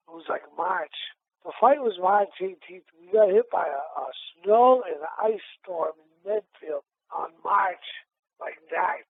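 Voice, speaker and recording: A middle-aged retired boxer from Massachusetts, USA, tells rambling stories in a casual radio interview, often restarting and repeating himself. His voice is high with vocal fry, his pace measured, and he comes through a tinny phone line.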